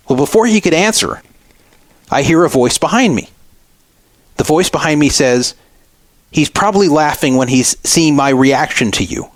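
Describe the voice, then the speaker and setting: A man's voice: a little high, lively intonation, normal speed, pauses often, dry recording. A middle-aged man hosting a radio show, recounting a frustrating store encounter in an aggrieved storytelling monologue. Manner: aggrieved, re-enacting arguments.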